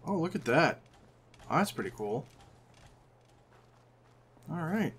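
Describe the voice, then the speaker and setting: A man's voice: fairly high pitch, very animated, normal speed, a bit bright, slight background noise. A man hosting a casual let's-play, chatty and amused, greeting things on screen as he plays. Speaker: gaming channel host.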